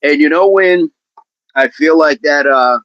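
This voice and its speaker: A man's voice: fairly high pitch, measured pace, a bit bright, dry recording, dull audio. A man hosting a casual fitness livestream, chatting with viewers in a rambling way and laughing often.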